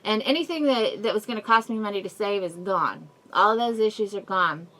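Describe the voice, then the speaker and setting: With a medium-pitched, sharp voice at a moderate pace, a middle-aged vlogger speaks through a face mask. She tells viewers a rambling, emotional personal story, laughing and sighing often in this casual update.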